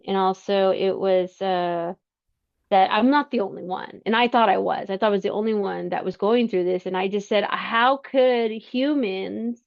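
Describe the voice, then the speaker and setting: A woman telling her personal story as a podcast guest, halting, with many fillers and restarts. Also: mid-range voice, a little mellow, muffled recording.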